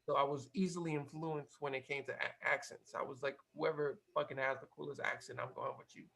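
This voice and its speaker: A man from Cape Verde telling a story in a casual interview, animated and slangy, swearing freely. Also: on the high side, fairly quick, creaky, rough recording. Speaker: guest.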